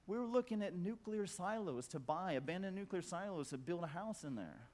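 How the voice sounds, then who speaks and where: A middle-aged man with a fairly high voice talks to a crowd at a conference. He is blunt and swears freely, stacking the same word again and again to drive a point home. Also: lively intonation, fairly quick. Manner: blunt, profane, emphatic repetition; acts out quoted voices in a loud high squawk. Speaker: conference speaker. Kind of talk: profane motivational talk. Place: conference hall.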